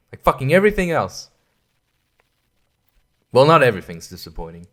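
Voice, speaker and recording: A man's voice: mid-range voice, sing-song, a little fast, pauses often, fairly bright tone. A tired man hosting a solo podcast in a rambling, crude, profane way, laughing at his own jokes. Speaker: podcast host. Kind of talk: casual solo podcast chat.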